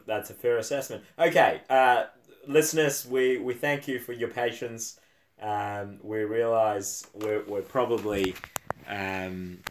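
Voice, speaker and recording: A man co-hosting a casual book podcast, talking with frequent fillers and restarts and a dry, sarcastic edge. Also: fairly low pitch. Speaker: podcast co-host.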